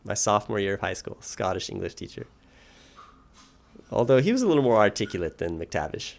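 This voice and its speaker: Low-voiced man commenting on a game. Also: a little fast, creaky. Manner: relaxed, chatty, laughs easily. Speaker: game streamer. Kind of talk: casual let's play commentary.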